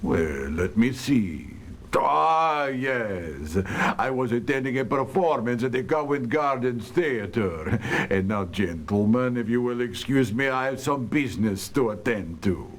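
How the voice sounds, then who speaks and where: A composed foreign diplomat with a Russian accent, formal and courteous in a period detective game. He speaks in measured, careful sentences, giving little away. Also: mid-range voice, expressive. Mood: guarded. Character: composed male foreign diplomat, polite and evasive.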